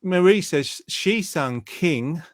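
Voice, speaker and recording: A man's voice: fairly high pitch, animated, slow, no echo, clean studio sound. A man in his fifties hosting an online quiz in casual chat, joking and rambling with silly asides. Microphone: online video call.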